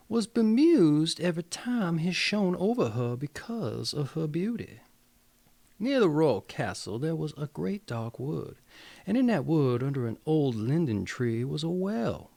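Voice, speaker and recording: A man's voice: a little high, vocal fry, darkish tone. A man with a Southern accent reading a fairy tale aloud in a playful, goofy style, with chatty asides. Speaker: storyteller.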